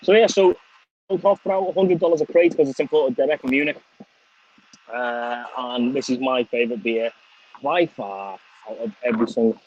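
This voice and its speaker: A man's voice: medium pitch, moderate pace, a little mellow, slight background noise. Scouse middle-aged male streamer, outdoors, swears a lot, dull lo-fi mic. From England. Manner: swears freely, chatty, thanks viewers by name. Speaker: vlogger. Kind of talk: casual outdoor livestream chat. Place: outdoors on a windy sunny day. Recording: slightly dull lo-fi stream audio.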